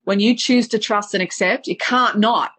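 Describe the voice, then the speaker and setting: A woman's voice: medium pitch, moderate pace, fairly bright tone, husky. A woman dating coach telling a personal story with feeling, acting out the quotes. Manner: vivid retelling with acted quotes.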